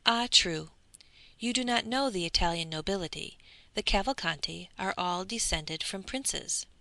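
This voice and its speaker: A woman reading the lines of a composed, worldly middle-aged nobleman, smooth and dryly ironic. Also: medium pitch, moderate pace, pushed and bright, dry recording. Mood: urbane.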